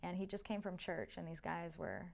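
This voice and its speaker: A young woman guest in a casual interview, chatty and animated, laughing often as she tells stories. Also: fairly low pitch, normal speed, creaky.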